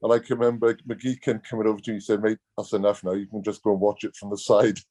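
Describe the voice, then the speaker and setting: A man's voice: fairly low pitch, level tone, fast talker, warm tone. A Welsh man, a former rugby player, telling stories as a guest in a casual, blunt way, laughing often. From Wales. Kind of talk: casual storytelling.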